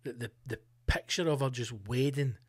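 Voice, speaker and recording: A man's voice: mid-range voice, normal speed, slightly rough, dry recording, studio quality. A man hosting a casual comedy podcast, swearing freely and joking as he reads a news story aloud. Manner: sweary, jokey banter while reading a news story aloud. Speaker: podcast host. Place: home studio.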